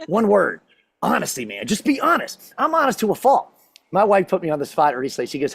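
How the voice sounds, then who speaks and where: Gravelly, husky stand-up comic. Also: male voice, fairly high pitch, very animated, normal speed, pauses often, no room sound. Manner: chatty, self-deprecating, works the crowd. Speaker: stand-up comedian. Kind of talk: stand-up comedy set. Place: stage in a comedy venue.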